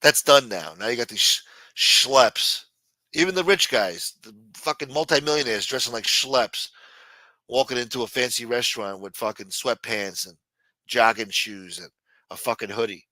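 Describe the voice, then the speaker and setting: Ranting man with a bright, dry voice. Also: medium pitch, normal speed, no room sound. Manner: blunt, ranting, reads news aloud, quotes scenes in a Mafia-style voice. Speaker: live show host. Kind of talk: profane casual commentary.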